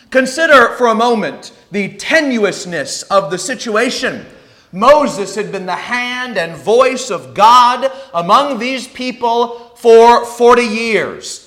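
A man with a high, bright voice delivers an evening Bible study sermon. He speaks earnestly, reading scripture passages and slowing down to stress key points. His tone stays clear and pointed throughout. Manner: earnest, slows down for emphasis. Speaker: preacher.

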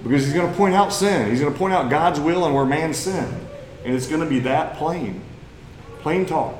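A man's voice: a little high, normal speed, roomy sound, slight background noise, rough recording. A man from Missouri with a Missouri accent, preaching a lesson in a plain-spoken, folksy way that climbs into emphatic bursts. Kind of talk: sermon lesson.

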